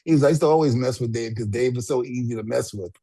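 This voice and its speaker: Animated storytelling man, dry mic. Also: mid-range voice, racing, breathy edge, no echo. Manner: animated storyteller acting out quotes, frequent fillers. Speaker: podcast co-host, retired wrestler. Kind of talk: casual storytelling.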